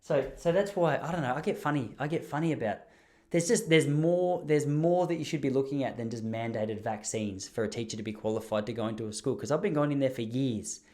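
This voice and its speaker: A man's voice: medium pitch, brisk, darkish tone. Chatty Australian man telling stories. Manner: chatty, self-deprecating, laughs at his own stories. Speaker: podcast host. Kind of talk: casual storytelling monologue.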